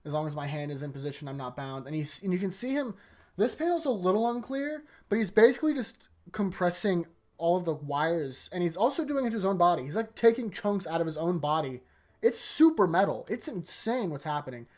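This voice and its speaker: A YouTuber giving a casual, rambling manga chapter review late at night, tired, leaning on "like" a lot and often trailing off into a quieter voice. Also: medium pitch, very animated, brisk. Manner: rambling, heavy use of "like", sentences often trailing off softer. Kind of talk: casual video commentary.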